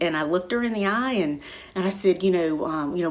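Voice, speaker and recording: Middle-aged woman just chatting, kinda low voice, lots of ums and restarts, warm and rambly. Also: fairly quick. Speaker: spiritual center speaker. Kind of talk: casual personal talk.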